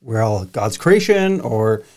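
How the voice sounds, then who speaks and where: A man's voice: fairly low pitch, big pitch swings, takes it slowly, darkish tone. A man hosting a podcast, talking in a casual, earnest and reflective way. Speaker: podcast host. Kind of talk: casual conversation.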